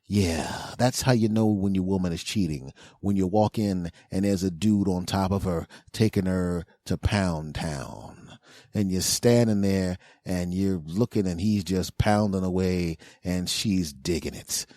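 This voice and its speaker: A male comedian and podcast host telling a crude story in an animated way. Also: sits low, measured pace, no room sound.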